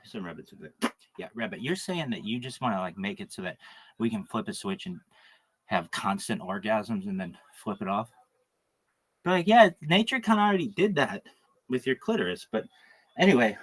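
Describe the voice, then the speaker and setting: A man's voice: fairly low pitch, big pitch swings, moderate pace, slightly rough. A man talking on a livestream in a rambling, joking, crude monologue full of asides.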